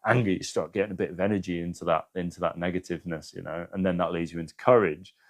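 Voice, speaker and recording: A man with a fairly low voice hosts a relaxed spiritual livestream. He talks earnestly and swears freely. He reads passages aloud with strong emphasis. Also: quick pace. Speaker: spiritual live-stream host. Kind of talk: casual livestream talk, reading aloud.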